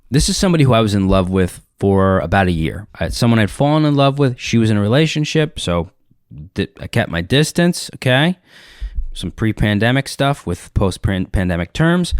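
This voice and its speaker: A man's voice: medium pitch, no room sound, studio quality. A man, a comedian, telling a rambling comic story with profanity and acted-out dialogue. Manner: animated, profane, acts out dialogue in character voices.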